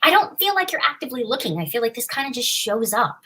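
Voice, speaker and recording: Bright-voiced chatty psychic woman. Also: fairly high pitch, very animated, fast, a little hiss or hum, rough recording. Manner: chatty, playful, warm reassurance. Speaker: psychic reader. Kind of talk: live psychic reading.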